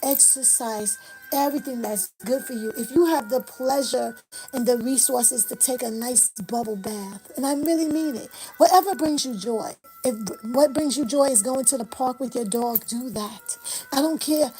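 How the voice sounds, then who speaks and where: Woman, 50s, livestream host, high pitch, fervent affirmation-heavy delivery, faint music behind. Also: normal speed, warm tone, poor audio. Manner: impassioned, preacher-like cadence with repeated affirmations. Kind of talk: motivational livestream talk.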